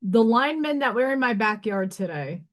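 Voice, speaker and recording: This woman, an oracle card reader hosting a casual live stream, has a fairly high, expressive voice and a Staten Island, New York accent. At a moderate pace she talks frankly, cursing casually and frequently starting sentences over.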